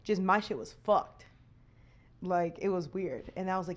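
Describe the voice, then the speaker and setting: A woman's voice: lowish voice, unhurried. A woman hosting a podcast in casual chat, candid and profane, often breaking into laughter. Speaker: podcast host.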